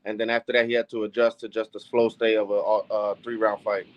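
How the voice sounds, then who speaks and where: A man's voice: fairly low pitch, level tone, fast, dry recording. A man co-hosting a podcast in casual chat, thoughtful, correcting himself as he goes. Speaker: podcast co-host. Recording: dry, slightly dull mic.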